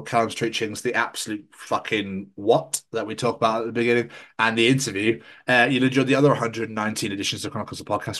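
A man's voice: lowish voice, a bit bright. A man co-hosting a podcast, running through the outro plugs with casual swearing. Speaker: podcast co-host.

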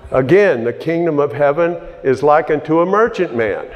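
A man preaching a sermon, conversational at first and building to emphatic high points. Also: animated, normal speed, lo-fi sound. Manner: conversational, rising to emphatic peaks. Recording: long reverb of a large hall.

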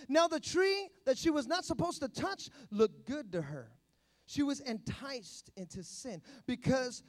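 A male pastor preaching a sermon, emphatic and building to loud exhortations. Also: extremely high pitch.

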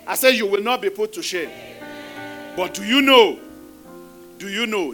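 A man's voice: high-pitched, unhurried, pauses often, sharp tone, faint music behind. A middle-aged male pastor delivering a sermon, repeating key phrases for emphasis and putting rhetorical questions to his congregation.

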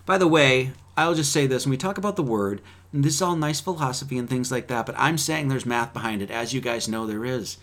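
A man preaching in a fiery, profane way, swinging between loud outbursts and quiet asides. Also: medium pitch, brisk, hardly any pauses. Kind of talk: profane sermon-style talk.

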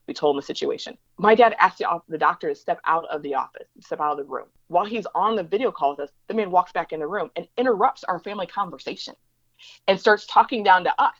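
Woman guest in an interview, speaking quickly on a lower register, dull lo-fi sound. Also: lively intonation, no room sound. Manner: fast, emphatic, acts out quoted voices. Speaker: interview guest, diversity educator. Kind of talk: conversational interview storytelling.

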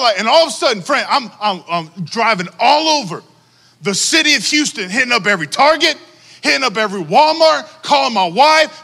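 Man, pastor, sermon, high voice, animated, calls to the crowd, reverberant church hall. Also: brisk, gravelly.

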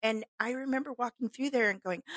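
A woman's voice: a little high, a little fast, no room sound. Chatty woman podcaster, dry close sound. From Missouri. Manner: animated storyteller who acts out quotes. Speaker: podcast co-host. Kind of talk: casual chat.

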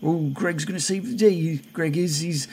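A man voicing a clumsy, eager male guard in a tabletop game, gushing and excitable. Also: fairly high pitch, normal speed, slight background noise, close to an everyday voice.

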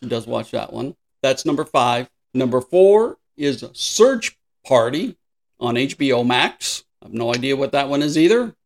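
A man's voice: mid-range voice, big pitch swings, normal speed, vocal fry. A man in his sixties co-hosting a casual podcast chat, laughing often and acting out little voices in his stories. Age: 60s. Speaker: podcast co-host.

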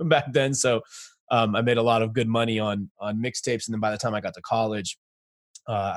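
A man in his forties, a guest entrepreneur telling his story in a casual interview, animated, laughing often, with many fillers. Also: on the low side, no room sound, studio quality.

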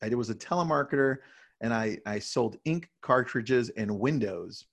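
A man who leads a real estate team, talking casually in an interview and telling energetic stories with frequent "right?" tags. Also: mid-range voice, normal speed, vocal fry.

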